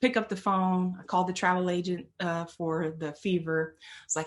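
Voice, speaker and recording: A woman's voice: lowish voice, fairly even intonation, normal speed, hardly any pauses. A woman giving an earnest motivational talk, telling a personal story and building on repeated phrases. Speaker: motivational speaker.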